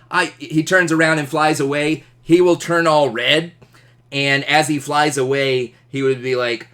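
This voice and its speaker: A man teaching an astronomy class, animated and jokey, asking questions. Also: fairly high pitch, measured pace. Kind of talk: classroom lecture.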